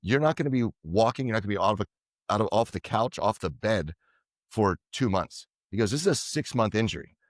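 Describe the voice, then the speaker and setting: A man being interviewed as a podcast guest, telling lively anecdotes and acting out what others said. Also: lowish voice, brisk, no echo, studio quality. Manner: animated anecdotes, quoting others in dialogue. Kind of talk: casual storytelling interview.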